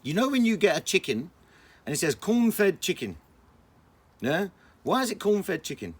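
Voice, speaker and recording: A young man, chatting casually and excitably on a vlog, full of slang. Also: sits high, moderate pace, slightly rough. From England. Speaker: vlogger.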